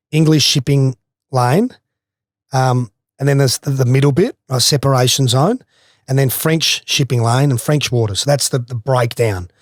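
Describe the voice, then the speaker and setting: A man's voice: medium pitch, dry recording, clean studio sound. A man with an Australian accent, a former footballer, casually telling a swimming story with laughs and swearing. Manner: animated, swears freely, laughs through stories.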